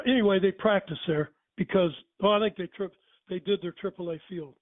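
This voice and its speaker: Through a tinny, phone-like recording with no echo, an older man rambles through casual stories, catching and correcting himself and chuckling. His voice is high and fairly quick.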